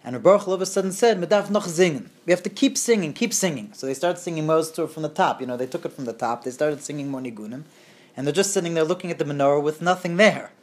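A man telling a Hasidic tale in a lively, repetitive way, sprinkling in Yiddish and Hebrew words. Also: on the high side, very fast. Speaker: storyteller. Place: community near Woodmere.

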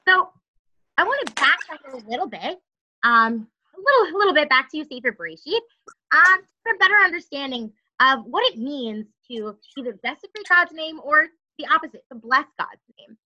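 A woman with a high, very bright voice teaches a Torah lesson, reading Hebrew verses and explaining them in English. She pauses, restarts her sentences and asks rhetorical questions. The recording sounds somewhat dull and lo-fi. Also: big pitch swings.

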